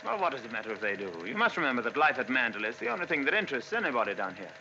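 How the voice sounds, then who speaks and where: A wealthy, impatient husband with a lively, bright voice that swings up and down as he teases and scolds. He talks with a clipped upper-class briskness. The sound is dull, like an old 1940s film soundtrack with faint music under it. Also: medium pitch, a little hiss or hum, heavily acted. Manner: brusque, teasing, impatient. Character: wealthy, brusque, teasing man of the house. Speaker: husband, master of the house.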